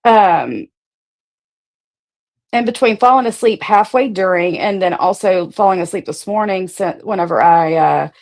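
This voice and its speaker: A woman's voice: medium pitch, measured pace, darkish tone. A woman hosting a live stream in casual chat, rambling and swearing freely while she greets viewers by name. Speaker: livestream host.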